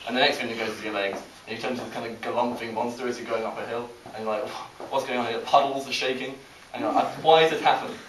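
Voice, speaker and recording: A young British man delivers a stand-up set in a halting, self-deprecating way, often restarting his sentences. He sounds distant from the mic, in a roomy, echoing space. A clear hiss runs under the whole recording. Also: medium pitch, flat delivery. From Britain. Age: young adult. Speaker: stand-up comic. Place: college comedy show with a live audience. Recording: echoey, distant, hissy live recording.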